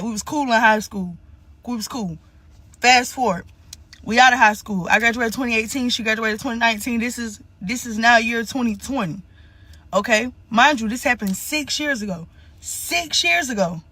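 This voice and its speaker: A woman's voice: on the high side, normal speed, bright, forceful tone, dry recording. A woman, ranting to camera in an angry, profane, emphatic way. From Columbia, South Carolina. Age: 20s. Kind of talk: casual rant to camera.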